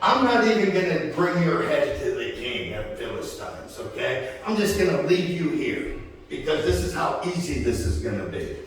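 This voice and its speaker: A boastful giant warrior sneers and taunts his young opponent, as a preacher acts him out. The voice is pushed higher than normal and full of scorn. It rings through a large echoing room from a mic set well back. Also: very animated, normal speed. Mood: threatening. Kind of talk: sermon retelling with acted quotes. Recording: echoey church hall from far off.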